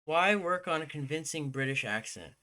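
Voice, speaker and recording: A young male streamer chats to his viewers in a put-on American accent, rambling and joking as he plays. His voice is bright and a little higher than most men's, kept low and quiet. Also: expressive, normal speed. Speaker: game streamer. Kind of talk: casual live-stream chat.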